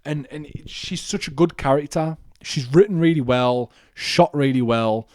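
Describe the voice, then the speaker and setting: A man's voice: on the high side, normal speed, darkish tone, no echo, clean studio sound. A young man hosting a casual solo movie review podcast, ranting animatedly and swearing often. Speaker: podcast host.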